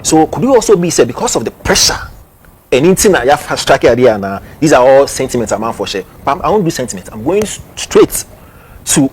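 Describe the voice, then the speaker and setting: A man's voice: mid-range voice, a little hiss or hum. A man with a Ghanaian accent hosting a talk show, explaining a case point by point. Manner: explains point by point, laughs in between. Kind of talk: news commentary talk show.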